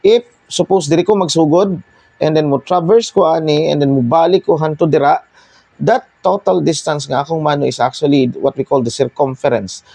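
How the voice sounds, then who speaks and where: A young man with a Filipino accent teaching a math lesson, explaining step by step with pauses as he switches between languages. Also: on the high side, vocal fry, warm tone, no echo.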